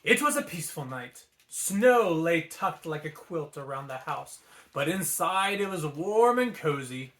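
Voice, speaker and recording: Animated man reading a bedtime story. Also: a little high, unhurried. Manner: playful and animated, with asides. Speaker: storybook reader. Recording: echoey room.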